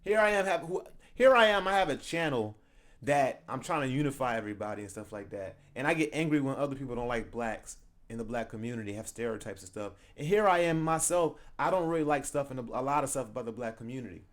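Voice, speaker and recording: A man's voice: mid-range voice, expressive, fast. A young man hosting his channel, reacting in casual commentary, conversational and laughing often as he makes his points. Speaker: channel host reacting to a video.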